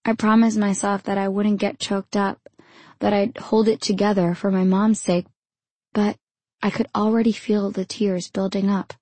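A woman narrating her own memoir in the first person, in a measured, intimate storytelling manner. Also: mid-range voice, level tone, a little mellow, no room sound.

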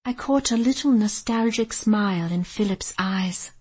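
Breathy woman narrating an audiobook. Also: mid-range voice, unhurried, a little mellow. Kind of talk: first-person audiobook narration.

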